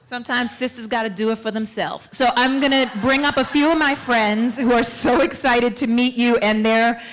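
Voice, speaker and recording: Excited stage performer from New York. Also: female voice, a little high, slight background noise, rough recording. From Queens, New York. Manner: excited, animated, quick asides. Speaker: actor and performer. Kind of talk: stage remarks to an audience. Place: stage at a town hall event.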